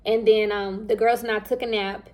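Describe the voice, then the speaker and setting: A young woman telling a personal story in casual chat, animated and informal, acting out the lines of the people in it and talking straight to her listeners. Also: medium pitch, normal speed. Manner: animated, acts out quoted dialogue; chatty and informal, addresses listeners directly. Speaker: vlogger.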